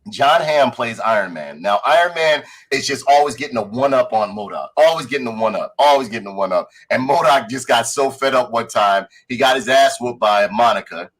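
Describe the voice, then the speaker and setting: Animated male podcast host retelling a show. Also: medium pitch, fairly quick, hardly any pauses, rough recording. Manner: animated storyteller, acts out characters' lines, swears freely. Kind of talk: casual chat reviewing a show.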